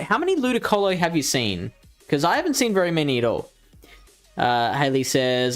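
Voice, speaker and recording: Over faint music, an Australian man with a high, brisk voice full of big pitch swings hosts a live game stream. As streamer and show host, he reads chat, chats casually, thinks aloud while playing, and laughs at himself.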